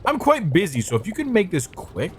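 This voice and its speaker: A man's voice: high voice, wildly swooping pitch, fairly quick, a little hiss or hum, voice pushed up. A man reading a brusque, busy locksmith. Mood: curt. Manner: curt and impatient, reading game dialogue aloud.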